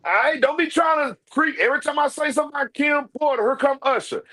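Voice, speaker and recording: A man's voice: very high voice, quick pace, few pauses, bright, forceful tone, faint music behind. A man giving casual ranting commentary, brash and profane, calling people out directly. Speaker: online commentator.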